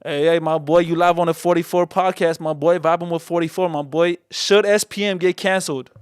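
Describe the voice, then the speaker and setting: Slangy high-voiced Los podcast host. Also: male voice, steady tone, brisk, clean tone, no room sound. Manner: slangy, repeats "my boy" and "fool" constantly. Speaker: podcast host taking call-ins. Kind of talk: casual call-in podcast chat.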